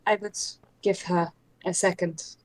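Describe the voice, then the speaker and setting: A woman's voice: fairly low pitch, fairly even intonation, measured pace, no echo, poor audio. A woman playing in a tabletop game, chatty and speaking up for her party. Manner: chatty, answers for the group. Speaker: player.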